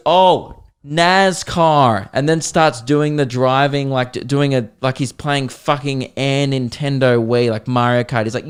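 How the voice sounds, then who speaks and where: An Australian man tells a comic story on his podcast, animated and exasperated, with plenty of swearing. His voice is clear and smooth at an everyday male pitch. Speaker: podcast host. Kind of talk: comedic storytelling.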